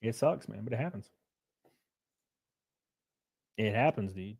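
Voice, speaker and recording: A man hosting his own livestream, rambling and swearing in a casual rant that swings between loud bursts and quiet mutters, chuckling often. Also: fairly low pitch, expressive, a little slow, vocal fry, slightly rough.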